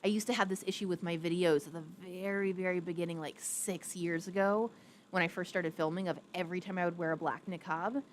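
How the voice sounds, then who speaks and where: A young adult woman chats casually on a live stream at a slightly fast clip, her tone steady, rambling and reading viewer comments aloud. She coos to a pet in a high baby voice. Her streaming setup includes a ring light, and a faint hiss or hum sits under the audio.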